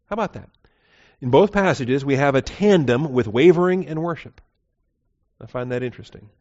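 A man's voice: medium pitch, a little mellow. A man teaching verse by verse through a Bible passage, conversational and digressive, correcting himself as he goes. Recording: dull lo-fi recording.

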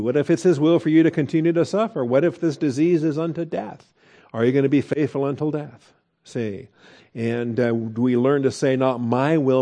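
A man's voice: mid-range voice, warm tone. A middle-aged man preaching a conversational sermon, asking rhetorical questions and growing emphatic. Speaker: pastor.

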